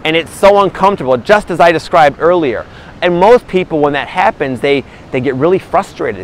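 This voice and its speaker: A man giving a casual spiritual talk to his viewers, relaxed and rambling, with many fillers and restarts. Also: a little high, a little fast, a little hiss or hum, low-quality recording. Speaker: spiritual vlogger.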